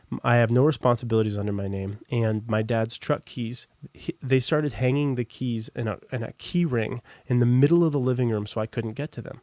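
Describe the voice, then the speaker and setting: Young American guy, mid-pitched, guest telling a personal story off the cuff, full of asides, dry close sound. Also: darkish tone, no room sound. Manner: rambling, many fillers and asides. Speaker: podcast guest.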